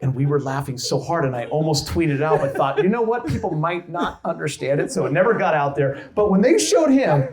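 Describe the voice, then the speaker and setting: A male host telling an energetic story in a live interview, recorded in an outdoor courtyard with an audience. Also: fairly high pitch, brisk, few pauses, reverberant. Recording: live crowd audible. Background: audience crowd.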